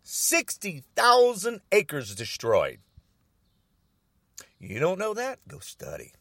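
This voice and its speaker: Agitated older man ranting, high lively pitch. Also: slow, creaky, no room sound, studio quality. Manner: agitated, repetitive, stumbling restarts. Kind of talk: angry political rant.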